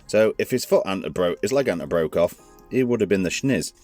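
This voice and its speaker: A man with a very low, deep voice talks through a hands-on toy review in a loose, rambling way, often correcting himself mid-sentence. Faint music plays underneath. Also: animated, a little fast, darkish tone. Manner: chatty, rambling, self-correcting.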